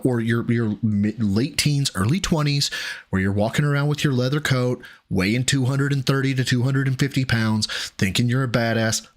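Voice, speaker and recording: Man, stream host, angry rant, profane, sarcastic, very lively pitch. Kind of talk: live stream reaction rant.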